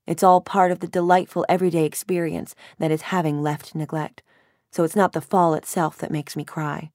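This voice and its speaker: Thirties woman narrator, wry and emotional first-person reading, low pitch, dry close mic. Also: little pitch movement, a little fast, a little mellow, no room sound. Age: 30s. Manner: wry, self-mocking, emotional. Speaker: audiobook narrator.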